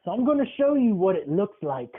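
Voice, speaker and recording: A man's voice: high voice, big pitch swings, brisk. A man voicing a tough old grandma wildlife host. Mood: instructive. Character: tough older grandmother hosting a wildlife show. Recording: tinny phone-like sound.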